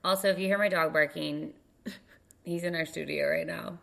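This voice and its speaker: Woman podcast co-host, lowish voice, vocal fry, relaxed casual chat. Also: moderate pace. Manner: relaxed, talks with "like" and restarts. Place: home studio at a kitchen table.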